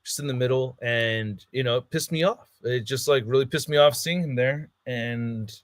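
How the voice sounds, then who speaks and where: A man's voice: mid-range voice, normal speed, no echo, studio quality. A man on a podcast, telling a heated story in casual chat, swearing a lot and acting out what people said. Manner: heated storytelling, heavy swearing, acts out quotes. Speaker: podcast co-host.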